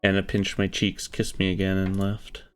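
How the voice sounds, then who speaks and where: A man's voice: deep voice, monotone, normal speed, clean tone, soft background music. A man streaming a visual novel, reading the narration aloud in an earnest storytelling manner.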